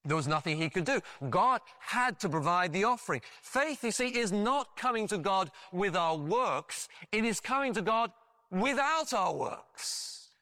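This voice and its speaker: A man preaching a sermon, telling stories in an animated way with frequent restarts and asides. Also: high voice, unhurried, dry recording, clean studio sound. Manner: animated storytelling with frequent restarts and "you know".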